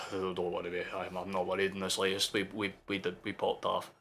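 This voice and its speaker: A young man commentates a football match live on his stream, reacting as a fan: excitable, sweary, and prone to bursting into shouts. His voice is low, gravelly and brisk.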